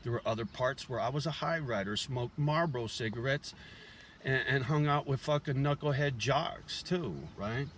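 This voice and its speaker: A mid-range, fairly bright voice at normal speed belongs to a man vlogging outside his house as it's being shown. He chews a toothpick while rambling to camera, blunt and profane with lots of street slang, over a faint hiss or hum.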